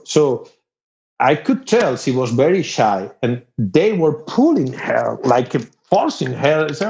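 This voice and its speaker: A man's voice: measured pace, vocal fry, dull audio. Spanish-accented man telling a wild story. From Spain. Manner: animated, acts out other people's lines in a much higher voice, laughs often. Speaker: guest musician. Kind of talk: casual storytelling.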